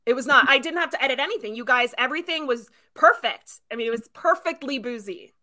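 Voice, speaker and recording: A woman hosting a podcast in casual chat, talking in an animated way with lots of fillers. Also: sits high, fast talker. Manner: chatty, animated storyteller with many fillers. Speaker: podcast host. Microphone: video call.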